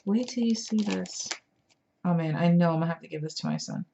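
A woman's voice: fairly low pitch, fairly quick, vocal fry, mellow, dull audio, a little hiss or hum. A tired woman showing craft supplies in a casual, chatty vlog, gushing over each item with plenty of fillers. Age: adult parent. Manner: chatty, enthusiastic, many fillers. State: tired, yawning. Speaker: craft vlogger. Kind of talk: casual show-and-tell.

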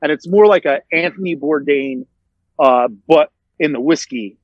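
A man's voice: fairly high pitch, normal speed, no room sound. A man, a podcast guest, telling a long casual story full of fillers and restarts. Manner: rambling, many fillers and restarts. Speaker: interview guest. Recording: dull, dry sound.

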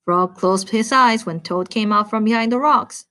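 A woman teacher reading a picture book aloud to children, animated and adding chatty asides. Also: on the high side, normal speed.

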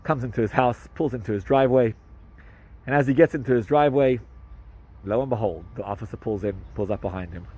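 Male rabbi, husky, mid-pitched, animated storyteller with hesitant restarts. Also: a little fast, rough recording. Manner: animated, jumps up in pitch for quoted speech; hesitant restarts with many fillers. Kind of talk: storytelling to camera.

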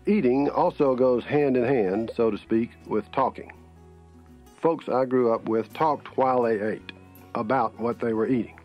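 Older Southern male essayist, wry folksy narration, muffled tone, faint music bed. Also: mid-range voice. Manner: wry, folksy, dry humor. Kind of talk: scripted narration.

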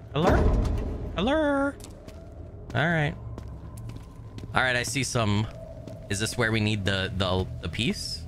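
Chatty male streamer, slightly hoarse. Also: fairly low pitch, a bit bright, a little hiss or hum. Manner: chatty, greets chat by name, swears casually. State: voice still recovering, slightly hoarse. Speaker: gaming streamer. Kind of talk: casual live-stream commentary.

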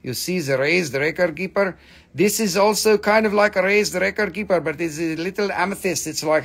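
Gravelly man joking through a live sale. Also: high voice, normal speed, a bit bright. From America. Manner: playful, rambling banter. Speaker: crystal seller hosting a live sale. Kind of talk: joking live-stream sales chat.

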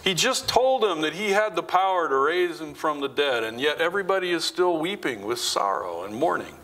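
A man preaching a sermon as pastor, asking his listeners question after question and dropping low and slow to press a point. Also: animated, low-quality recording. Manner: asks the congregation many questions; drops to low, slow, quiet emphasis.

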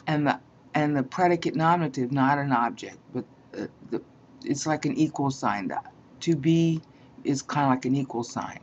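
A woman's voice: low voice, darkish tone, slightly rough. A woman teaching a Bible lesson, explaining grammar point by point and often checking in with "all right?". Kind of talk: slow explanatory lecture. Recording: dull lo-fi sound.

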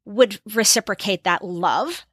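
A woman's voice: medium pitch, unhurried, slightly rough, no echo, studio quality. A woman co-hosting a pop culture podcast, telling film trivia in casual chat and acting out the lines. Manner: animated storyteller who acts out quotes. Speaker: podcast co-host.

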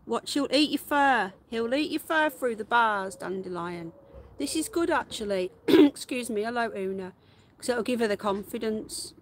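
A woman hosting a casual livestream, unwell with her voice going, chatting to viewers and cooing at her pets in a high, slow baby voice. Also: lively intonation. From United Kingdom. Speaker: livestream host. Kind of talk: casual live-stream chat. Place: garden outdoors.

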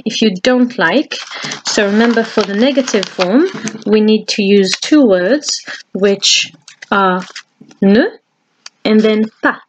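A woman teaching a French lesson for families, patiently repeating each phrase and encouraging the listener. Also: mid-range voice. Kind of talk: slow, patient language lesson for children and parents. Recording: steady background hiss.

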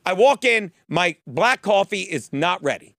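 A man tells a profane, animated story as a podcast co-host. His voice sits high and has a bright edge. The studio mic is dry and close. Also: unhurried, no echo. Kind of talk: comedic rant, casual chat. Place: studio booth.

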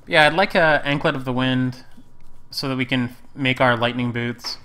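A man's voice: mid-range voice, steady tone, normal speed, bright, forceful tone. A man casually commentating his gameplay, rambling and correcting himself with wry asides. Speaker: let's play host.

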